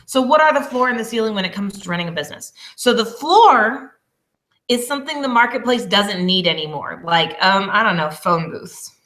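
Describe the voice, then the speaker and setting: A woman in her twenties, a business coach teaching a casual lesson, chatty and quick to laugh. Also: medium pitch, lively intonation, fairly bright tone. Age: 20s. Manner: chatty, laughs often, apologizes.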